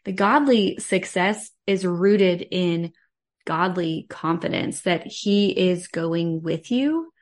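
A woman business owner talks as a podcast guest. Her voice is on the low side, and she speaks earnestly and warmly from the heart in casual conversation. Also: takes it slowly.

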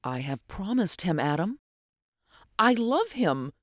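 A tender, faltering young woman, as the reader puts her on in a storybook reading, her soft lines lifted higher. The recording is dry and close, with no room around it. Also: sing-song, slow pace, no echo, full character voice. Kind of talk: audiobook character reading.

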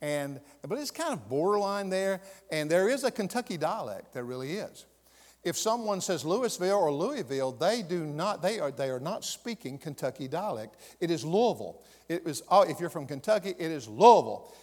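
Southern pastor, middle-aged man, folksy and emphatic sermon, slightly high pitch. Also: animated, moderate pace, in a large hall. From American South. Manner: folksy, emphatic, rising to loud peaks.

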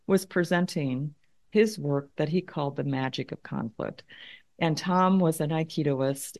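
Low-voiced middle-aged woman telling a story. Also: darkish tone. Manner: thoughtful, repeats words as she works out her point. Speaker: conflict consultant and guest. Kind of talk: conversational storytelling interview.

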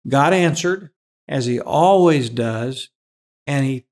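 A man's voice: mid-range voice, lively intonation, takes it slowly, a little mellow. A man, a pastor, giving an earnest, emphatic Bible teaching and repeating key phrases for weight.

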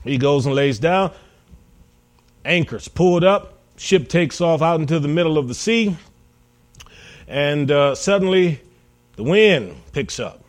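A preacher with a fairly high voice, retelling Bible stories in a lively sermon. He acts out the voices of the people in the stories and builds to loud, emphatic peaks. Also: a little slow, pauses often. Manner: storytelling, acting out voices of biblical figures.

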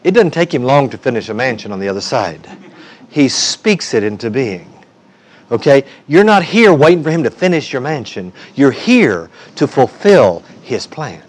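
A man's voice: mid-range voice, sing-song, moderate pace. A male pastor preaching a sermon in an emphatic, folksy way with humor.

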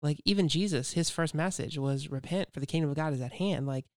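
A man with a Southern US accent co-hosting a casual faith podcast, telling stories with lively acted-out quotes. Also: fairly high pitch, fairly quick, no echo, clean studio sound. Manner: animated storyteller, acts out quoted speech. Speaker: podcast co-host.

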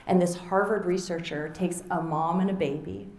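A middle-aged woman author giving a conversational talk to an audience, animated and acting out little quoted exchanges. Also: lowish voice, moderate pace. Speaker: author and speaker. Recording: roomy echo.

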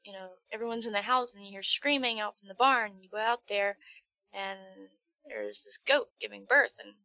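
A woman guest on a casual podcast interview, an animated storyteller who laughs often, talking into a podcast microphone. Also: medium pitch, moderate pace, dry recording, low-quality recording. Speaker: guest, organized-play event organizer.

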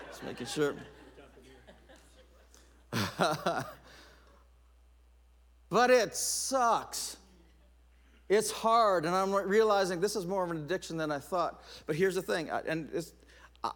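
A middle-aged male pastor preaching a sermon, telling stories with playful asides. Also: on the high side. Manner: animated storytelling with asides and laughs.

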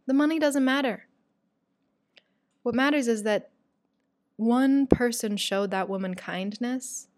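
A young woman talks casually to her listeners, chatty and animated, acting out the voices in her story. Her pitch sits in a middle range. The recording is dry, with no room sound. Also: no room sound.

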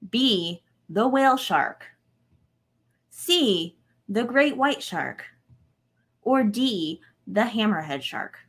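A woman's voice: medium pitch, expressive, extremely slow, long pauses, fairly bright tone, breathy edge. A woman co-hosting a casual quiz chat, reading questions plainly with small jokes. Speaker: co-host.

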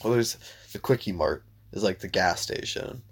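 A man co-hosting a casual podcast chat, blunt and swearing freely, tossing in quick mock voices. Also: deep voice, expressive, gravelly, slightly rough. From Italian heritage. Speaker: podcast co-host.

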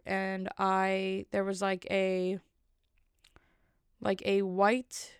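A woman's voice: medium pitch, smooth, dry recording, clean studio sound. A woman telling a rambling comic story, sassy and self-mocking, with many asides and restarts.

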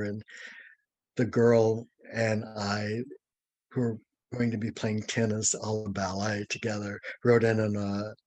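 An older man from St. Louis, a dancer being interviewed, telling a story with lively, acted-out quotes and chuckles. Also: fairly low pitch, no room sound. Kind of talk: anecdotal storytelling.

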